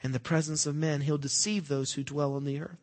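A man preaching a sermon, quizzing the congregation with fill-in-the-blank questions and swinging between hushed and loud, emphatic delivery. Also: fairly high pitch, fairly even intonation, brisk.

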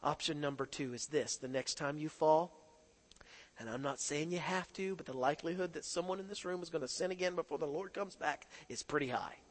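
A man preaching a sermon, moving between hushed prayer and impassioned, rising appeals to the congregation. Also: on the high side, brisk. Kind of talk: sermon with altar-call prayer.

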